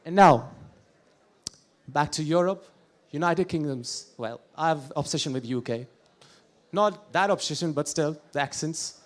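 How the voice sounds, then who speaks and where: Young Indian man, Indian English accent, slightly high voice, playful stage banter into a handheld mic. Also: moderate pace. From Jammu and Kashmir, India. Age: young adult. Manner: playful, chatty, jokes with audience. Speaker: college student performer. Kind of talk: stage act doing accent impressions.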